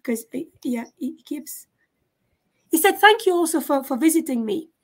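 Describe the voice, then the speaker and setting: A woman giving a live mediumship reading, halting and often stopping to check in with questions. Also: high voice, animated. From France. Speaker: psychic medium.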